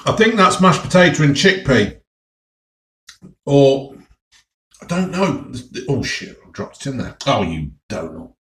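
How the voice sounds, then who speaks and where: A man's voice: medium pitch, very animated, a little slow, pauses often, a bit bright, echoey room. A man with an English Midlands accent chatting casually to viewers as he tastes food for his vlog, enthusiastic and chatty. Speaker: food vlogger.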